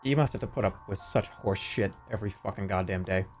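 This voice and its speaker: A man streaming a game, commenting in an excitable, profane, rambling way. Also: sits low, brisk, faint music behind. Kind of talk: live gameplay commentary.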